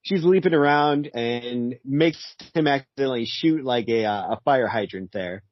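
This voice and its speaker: A man's voice: mid-range voice, normal speed. A man co-hosting a podcast, retelling a comic in an easygoing way, full of "like" and "uh". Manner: easygoing, filler-heavy, laughing often. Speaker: podcast co-host. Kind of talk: casual chat retelling a comic. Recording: dull, dry, lo-fi.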